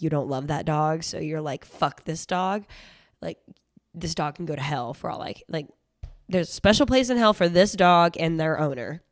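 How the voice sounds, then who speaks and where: A woman's voice: on the low side, clear, resonant tone, no echo, clean studio sound. A young woman hosting a solo podcast, telling a rambling, profane story in casual chat, full of "like" fillers. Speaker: podcast host.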